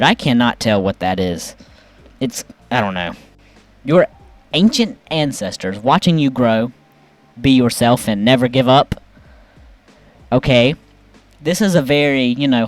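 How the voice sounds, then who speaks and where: A man reviewing memes in casual, playful commentary, with sudden jumps up in pitch when he reacts. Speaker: YouTube meme reviewer.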